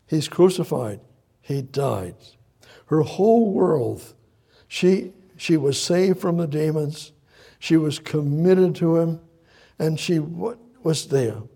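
A man preaching a sermon at a slow, deliberate pace, his voice gravelly with fry. He retells scripture dramatically and circles back on his own phrases, mixing in old-style Bible quotes. The voice sits a little high for a man. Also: a little mellow. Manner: dramatic, retells scripture vividly, repeats himself, King James quotes.

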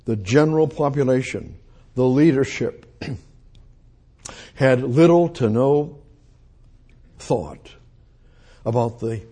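A man's voice: medium pitch, slow, pauses often, warm tone, husky. A man preaching a sermon in an emphatic way, repeating his phrases and breaking into exclamations.

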